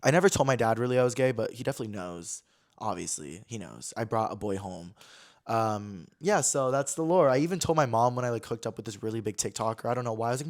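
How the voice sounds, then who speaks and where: Podcast host, man in his 20s from Connecticut, middle pitch, open and chatty storytelling. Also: expressive, quick pace. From Connecticut, USA. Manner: candid, chatty, heavy use of "like". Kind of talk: casual storytelling chat.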